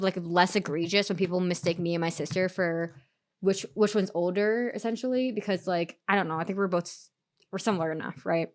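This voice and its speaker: A young adult woman streamer telling a story in casual chat, rambling with lots of "like" and restarts. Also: lowish voice.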